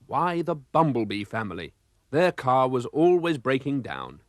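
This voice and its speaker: A man narrating a children's cartoon storybook with a lively, sing-song delivery that swoops up and down. He voices the horns, barks and engine noises himself. The voice-over is dry and close to the mic. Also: mid-range voice, a little slow, no room sound. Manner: lively, expressive, does the sound effects himself.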